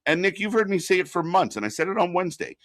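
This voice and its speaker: A man's voice: high voice, very animated, quick pace, fairly bright tone, no echo, studio quality. A man hosting a casual wrestling talk show, ranting bluntly with plenty of swearing. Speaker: wrestling commentary host. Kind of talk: casual podcast chat.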